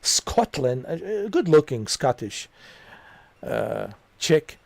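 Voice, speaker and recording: A man's voice: medium pitch, a little slow, darkish tone, no echo. A man who streams games, telling a long story in a loose, chatty way, full of "man", "dude" and "you know". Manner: amused, laughs at his own story. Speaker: gaming streamer. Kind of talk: casual rambling storytelling.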